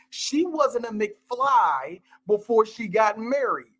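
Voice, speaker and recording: A man co-hosting a podcast, chatting casually about a movie in animated, joking banter and repeating phrases for emphasis. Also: high voice, extremely slow, hardly any pauses. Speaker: podcast co-host.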